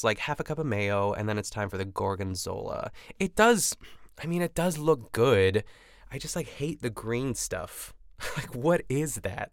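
A man's voice: lowish voice, creaky, no echo, studio quality. A man hosting a podcast, recapping a cooking show in rambling, chatty casual talk full of "like" and jokey asides. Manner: rambling and chatty, heavy use of "like"; jokey, laughs at his own asides. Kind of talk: casual chat.

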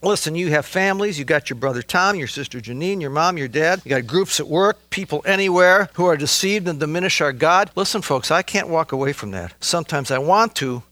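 A man preaching a sermon, emphatic, swinging between loud exclamations and low, quiet asides. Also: expressive, a little fast, hardly any pauses, dry recording.

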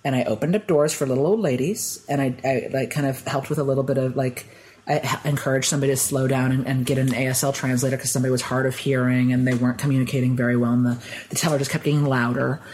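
A man guest on a podcast, telling personal stories in a rambling, animated way full of "like". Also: mid-range voice, fast talker, a little hiss or hum, rough recording. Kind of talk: conversational storytelling.

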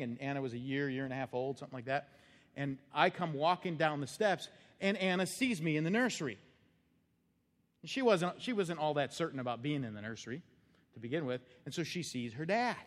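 Pastor guy preaching, kinda high voice, lively, echo of a big hall behind him. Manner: animated, acts out voices and cries. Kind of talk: sermon.

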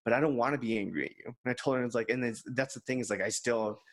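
A man's voice: mid-range voice, very fast. A man co-hosting a podcast, candidly telling a personal story in casual chat and quoting others in his own voice. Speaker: podcast co-host.

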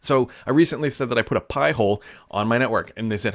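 A man's voice: medium pitch, a little fast, no echo, studio quality. A man hosting a casual solo tech news show, chatty and offhand, with frequent fillers and asides.

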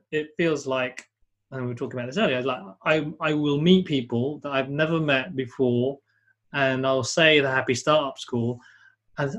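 During a live webinar, the male co-host reasons out loud in an easygoing, animated fashion, often beginning sentences again and reading comments from attendees. His voice is mid-range, at an ordinary pace.

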